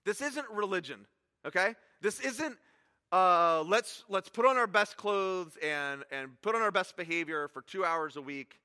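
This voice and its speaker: A man in his forties preaching a sermon, telling stories casually with animated, self-deprecating humor. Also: sits high, measured pace, big-room sound. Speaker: pastor.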